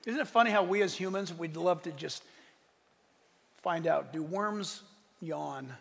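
High voiced guy preaching a sermon, gravelly, lots of joking around, big echoey hall. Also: unhurried. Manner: animated preaching with jokes and acted-out voices. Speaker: pastor. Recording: hall reverb.

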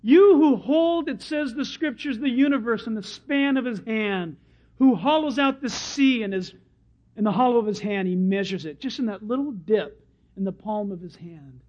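A man preaching a sermon as pastor, animated and storytelling, slipping into other people's voices. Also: sits high, moderate pace. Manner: animated storyteller who acts out crowd voices. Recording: dull lo-fi sermon recording.

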